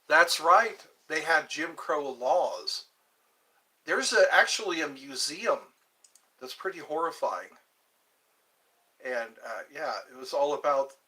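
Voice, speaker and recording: Slow-talking man with a high, bright voice. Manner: muses aloud, half-singing song lines softly. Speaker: live stream host. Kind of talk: casual live stream chat.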